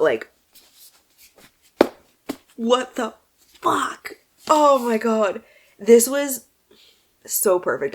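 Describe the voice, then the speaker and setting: A young woman chatting casually about books she has read, animated and swearing freely, dropping to a mumble and then bursting into loud exclaims. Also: on the low side. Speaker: book vlogger. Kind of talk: casual book wrap-up chat.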